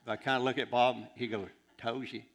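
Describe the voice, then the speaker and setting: Gravelly, rambling storytelling preacher. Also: male voice, medium pitch, fast talker. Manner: animated, rambling, with many restarts. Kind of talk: anecdotal sermon storytelling.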